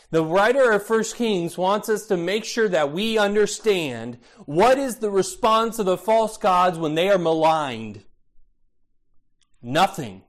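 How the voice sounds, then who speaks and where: Guy with a high voice preaching, lively, acts out the people he quotes. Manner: expressive, acts out quoted voices, rhetorical questions. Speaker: pastor. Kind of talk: sermon.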